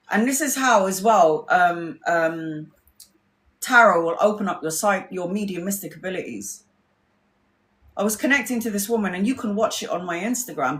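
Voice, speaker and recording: A woman's voice: mid-range voice, fairly bright tone. Woman, tarot reader, casual livestream storyteller, blunt and profane, mid-range voice, roomy sound. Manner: blunt, chatty, swears freely, acts out friends' lines.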